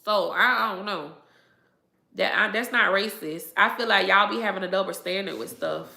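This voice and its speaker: A woman's voice: medium pitch, normal speed, vocal fry, pushed and bright, roomy sound. A woman hosting a casual livestream, talking emphatically, repeating herself and laughing often. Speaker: livestream host answering viewers.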